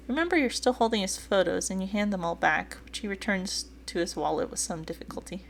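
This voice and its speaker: A woman's voice: medium pitch, animated, fairly quick, creaky, hardly any pauses, slight background noise. A woman streamer reading a dating game aloud, giggling and gushing in her asides.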